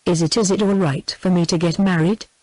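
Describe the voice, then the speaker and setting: Lowish British text-to-speech woman. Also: a little fast, no room sound, poor audio. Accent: British English. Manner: even machine reading that speaks the word "comma" aloud. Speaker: audiobook narrator. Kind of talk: synthetic text-to-speech book reading.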